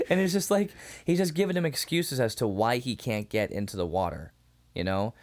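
A man in casual podcast conversation. He retells scenes with animated, acted-out dialogue and laughs often. His voice sits at a middle pitch. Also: moderate pace. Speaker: podcast co-host. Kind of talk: casual chat.

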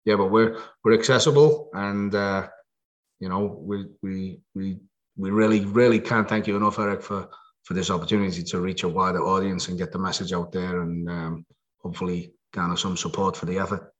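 A man in his late forties from Liverpool with a Scouse accent softened by American speech, telling stories easily in a casual interview. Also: sits low, steady tone, brisk, highs cut off. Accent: Liverpool (Scouse), with some American. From Liverpool, England. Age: late 40s. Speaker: guest, EMS worker.

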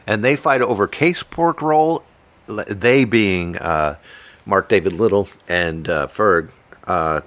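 A man's voice: lowish voice, slow, fairly bright tone, no echo. A man co-hosting a podcast in casual chat, easygoing and joking. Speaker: podcast co-host.

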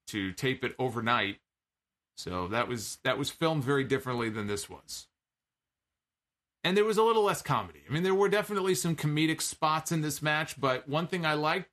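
A man's voice: mid-range voice, fairly bright tone. A man giving a casual spoken recap of a wrestling show, conversational with wry asides and frequent filler words.

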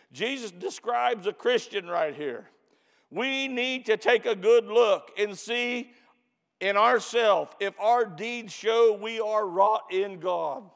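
A man preaching a camp meeting sermon as pastor. He stretches and shouts key lines to the church, then drops into quick, quiet storytelling. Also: high voice, gravelly, big-room sound. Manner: preaches with loud drawn-out emphasis, calls out to the church.

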